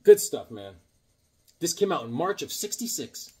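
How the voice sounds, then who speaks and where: A man's voice: a little high, sing-song, moderate pace, slight background noise. A man casually chatting about his comic collection, rambling and joking, with fillers along the way. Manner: chatty, jokey, rambling with fillers and put-on voices in anecdotes. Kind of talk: casual chat.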